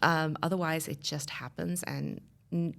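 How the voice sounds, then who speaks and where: Woman, 30s, podcast guest; low, strongly gravelly voice, earnest, rambling delivery. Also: fairly even intonation, measured pace, fairly bright tone. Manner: earnest, rambling with many restarts and fillers. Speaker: guest telling her story. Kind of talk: podcast interview, personal story.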